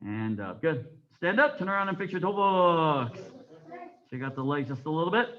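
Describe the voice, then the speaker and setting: A man teaching a taekwondo class, counting aloud in Korean and giving sharp commands between calm explanations. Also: fairly high pitch, moderate pace. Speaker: taekwondo instructor. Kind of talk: teaching a martial arts class. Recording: dull lo-fi sound.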